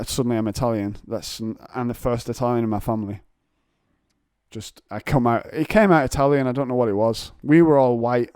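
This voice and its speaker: A young man, hosting a solo podcast in casual chat, telling jokey stories and putting on high voices to mimic people. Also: a little mellow, dry recording, clean studio sound. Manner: jokey storytelling, acts out voices of others in high pitch. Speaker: podcast host.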